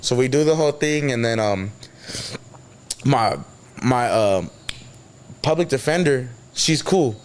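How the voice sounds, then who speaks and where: A man's voice: mid-range voice, lively intonation, measured pace, long pauses, clean tone. Man, casual storytelling, swears a lot, acts out quotes. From San Diego. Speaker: guest.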